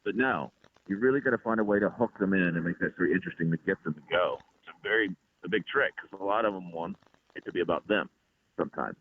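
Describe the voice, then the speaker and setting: A man, a comedian being interviewed, telling stories in an exasperated, animated way. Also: low voice, fast, husky. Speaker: comedian guest. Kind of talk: casual interview chat. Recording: tinny phone-like line.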